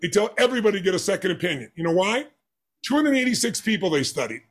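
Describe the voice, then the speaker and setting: A man's voice: sits high, big pitch swings, very fast. A man who is an interview guest, telling a personal story with animation and acting out the dialogue with emphatic voices.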